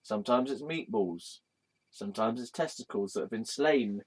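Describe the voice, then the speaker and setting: A vlog host with a slightly rough, lowish voice talks at a moderate pace, rambling in a casual, jokey manner. He speaks aloud to a picture of a deity, treating it as a friend.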